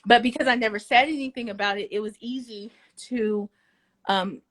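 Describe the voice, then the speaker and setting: A woman's voice: fairly high pitch, moderate pace, fairly bright tone. A woman co-hosting a podcast, speaking earnestly and reflectively while she walks, often restarting words. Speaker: podcast co-host. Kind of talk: candid casual podcast talk. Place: walking while on a call.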